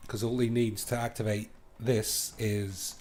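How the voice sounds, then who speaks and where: A man's voice: fairly low pitch, level tone, a little slow, a little mellow. A man giving playful, crude running commentary on his card game as he plays, thinking aloud about each move. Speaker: gaming video host.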